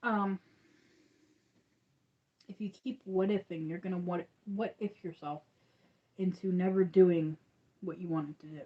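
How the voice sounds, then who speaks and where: A woman's voice: fairly low pitch, fairly even intonation, unhurried, pauses often, narrow, tinny audio. A woman hosting a crochet channel, chatting casually on a livestream, rambling and restarting with lots of fillers.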